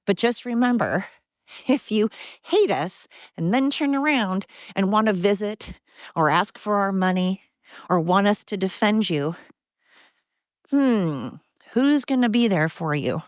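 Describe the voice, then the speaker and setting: A woman's voice: medium pitch, lively intonation, unhurried, no room sound, dull audio. A middle-aged woman hosting a podcast, out of breath as she walks outdoors in the cold, talking in a blunt, profane, sarcastic rant. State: out of breath from walking. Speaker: podcast host. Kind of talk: casual ranting monologue.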